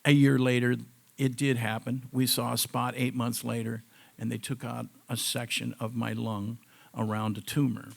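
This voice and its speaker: A man's voice: mid-range voice, little pitch movement, normal speed, gravelly. A man giving a personal testimonial to a live audience, in a conversational storytelling manner that wanders off on side notes. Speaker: cancer survivor giving a testimonial.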